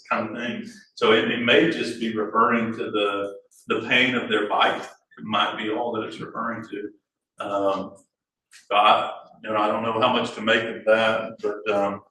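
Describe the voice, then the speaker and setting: A man's voice: lowish voice, pushed and bright, breathy edge. A man teaching an adult Bible class in a church room, talking things through with frequent restarts and fillers. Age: adult father. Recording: echoey room, voice from afar.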